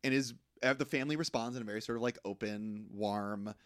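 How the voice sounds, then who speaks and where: A man's voice: fairly low pitch, fast talker, fairly bright tone, no room sound, clean studio sound. A man co-hosting a podcast, casually recapping a film in a rambling way and acting out the characters' lines. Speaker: podcast co-host. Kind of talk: casual movie recap chat.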